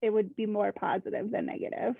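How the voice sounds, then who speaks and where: Speaking over tinny phone-style audio, a young woman from Minnesota at a workshop shares casually about her life, hesitant and word-searching with frequent "like." Her medium-pitched voice is creaky, a little fast, and barely moves in pitch, with no echo.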